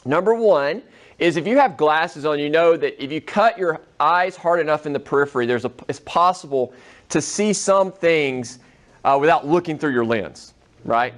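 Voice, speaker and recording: A man's voice: on the high side, lively intonation, normal speed. A man giving a classroom lecture in a conversational way, often checking in with his students. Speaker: teacher.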